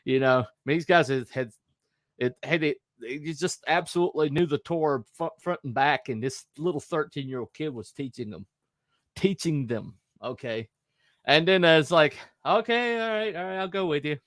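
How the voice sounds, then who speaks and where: A man hosting a casual chat, telling a story in a lively way, acting out quotes in raised voices and laughing often. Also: fairly high pitch, normal speed, dry recording, clean studio sound. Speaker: host.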